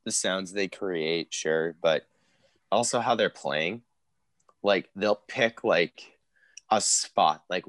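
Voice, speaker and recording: Casting: very low male voice, loose rambling podcast talker, dry close sound. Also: a bit bright, no room sound. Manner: rambling, heavy on filler words. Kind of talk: casual music discussion.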